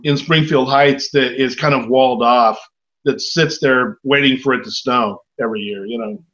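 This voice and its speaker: A man's voice: medium pitch, fairly bright tone. A man in his sixties chatting casually as a podcast host, rambling and self-mocking. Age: 60s. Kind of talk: casual chat. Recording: dull lo-fi sound.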